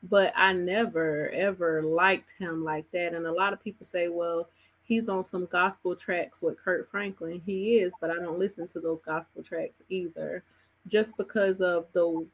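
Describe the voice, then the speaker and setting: A woman hosting a live open mic, talking casually and chattily and laughing between introductions. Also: lowish voice. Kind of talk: casual live emcee talk.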